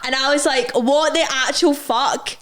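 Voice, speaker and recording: A young woman with a Scottish accent, co-hosting a podcast in casual, sweary, animated chat. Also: sits high, normal speed, heavy background noise. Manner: chatty, sweary, animated storytelling. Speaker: podcast co-host.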